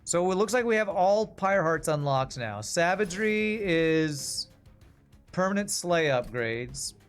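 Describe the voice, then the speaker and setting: A man's voice: high voice, lively intonation, unhurried, clear, resonant tone, faint music behind. A man from Texas streaming a video game, thinking aloud in a rambling, casual way with many fillers. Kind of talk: casual gameplay commentary.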